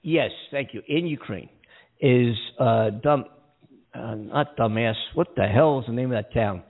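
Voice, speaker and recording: A man's voice: mid-range voice, measured pace, creaky. A man co-hosting a radio talk show, chatting casually about the news and often losing his train of thought and laughing at himself. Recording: phone-like streaming audio.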